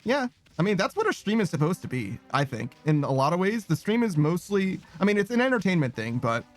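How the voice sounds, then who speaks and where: A man's voice: high-pitched, very animated, brisk. A man streaming a game, chatting casually, reading chat aloud and laughing easily. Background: faint game music.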